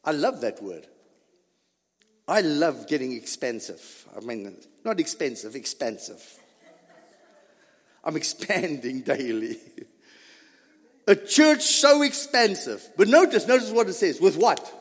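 A high-voiced male pastor preaching slowly and deliberately, his pitch swinging widely as he asks questions and answers them. At its peaks the sermon builds to shouts. His voice carries a long reverb from a large church hall. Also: very animated, slightly rough. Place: church sanctuary.

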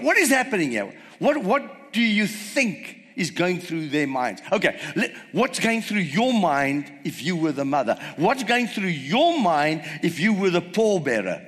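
A man's voice: high-pitched, very animated, moderate pace, few pauses, fairly bright tone. A man preaching a sermon, retelling a story and firing rhetorical questions at the congregation. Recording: long hall reverb.

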